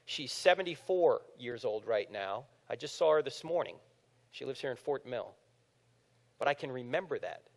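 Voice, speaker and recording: A man's voice: medium pitch, normal speed, gravelly. A man in his fifties giving an apologetics talk to a live audience in a large room, telling stories and acting out the people in them. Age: 50s. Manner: animated storytelling, acting out quotes. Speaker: speaker. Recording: long hall reverb.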